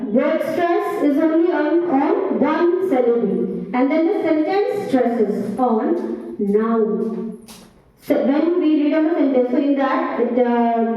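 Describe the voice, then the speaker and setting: High-pitched woman teacher, unhurried and explanatory, mic set far off in a very echoey room. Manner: explains slowly, adds frequent tag questions. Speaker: English teacher. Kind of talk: teacher training talk. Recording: very echoey, distant, dull sound.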